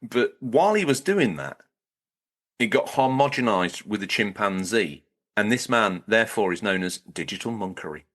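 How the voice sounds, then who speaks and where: A man's voice: fairly low pitch, expressive, moderate pace, a bit bright. A man from Lincolnshire, co-hosting a gaming podcast with playful, mock-grand banter and ad reads. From Lincolnshire, England. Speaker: podcast co-host.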